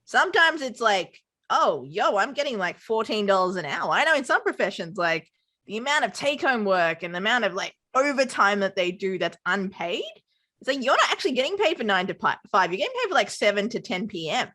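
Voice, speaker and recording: A woman's voice: mid-range voice, sing-song, fairly quick, bright, forceful tone. A woman, a podcast company founder, talking things through with an interviewer in a reflective, affirming way. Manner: affirming, reflective, talks with lots of "like". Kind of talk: conversational interview.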